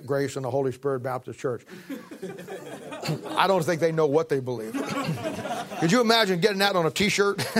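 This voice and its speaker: Man preaching a sermon. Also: fairly high pitch. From Ohio, United States. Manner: preacherly, swells up and slows down to read scripture; conversational asides with chuckles and throat clearing. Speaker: pastor.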